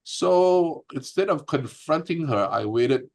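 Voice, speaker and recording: A man's voice: on the high side, lively intonation, takes it slowly, gravelly, a little mellow. A man as an interview guest, telling a personal story in an earnest, aggrieved way, full of fillers and restarts.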